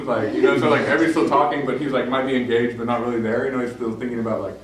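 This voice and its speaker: A young male pastor tells a story in a relaxed, chatty sermon, full of "like" and "you know". His voice sits at an ordinary pitch and is picked up from afar. It rings in a big, reverberant hall with a faint hiss underneath. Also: racing, hardly any pauses. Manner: conversational, many fillers, acts out quoted lines. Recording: very echoey room, distant mic, faint noise.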